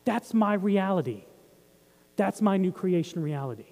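A man's voice: high-pitched, lively intonation, a little slow, darkish tone, long reverb tail. A man preaching a sermon as pastor, talking in a conversational way and putting questions to the congregation. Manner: conversational, asks the audience questions.

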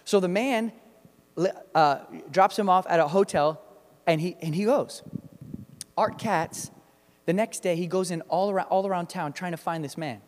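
Preacher, male, high voice, emphatic storyteller, long hall reverb. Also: normal speed, a little mellow. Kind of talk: sermon with storytelling.

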